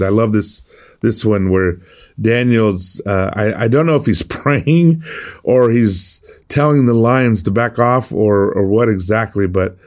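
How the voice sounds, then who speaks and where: A man giving a conversational sermon, reading scripture and explaining it in an earnest, informal way with frequent restarts. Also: fairly low pitch. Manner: warm, earnest, many restarts and asides. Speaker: preacher.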